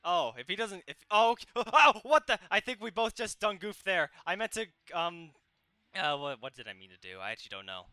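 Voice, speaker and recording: Excitable young man yelping over gameplay. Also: sits high, brisk, no echo. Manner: excitable, yelps and shouts at the action. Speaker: gaming channel host. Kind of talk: live gameplay commentary.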